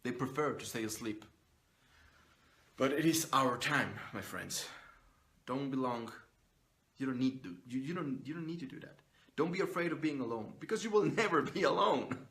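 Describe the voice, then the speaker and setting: Speaking into the phone or camera he's filming with, a man swears freely through a blunt pep talk that pushes his audience toward self-reliance. His medium-pitched voice is animated and fairly bright at normal speed, broken by long pauses, with a little hiss or hum.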